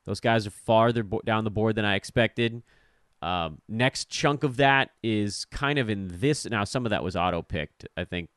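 A man's voice: lowish voice, a bit bright, clean tone, dry recording, clean studio sound. Rambling man hosting a sports podcast. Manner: rambling, self-deprecating and quick. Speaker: podcast host. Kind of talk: casual fantasy sports commentary.

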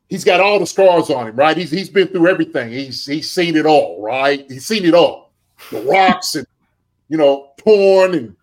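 A man who played tight end, giving animated sports analysis, full of rhetorical "okay?" and "right?" check-ins. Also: on the high side. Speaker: podcast co-host, former tight end.

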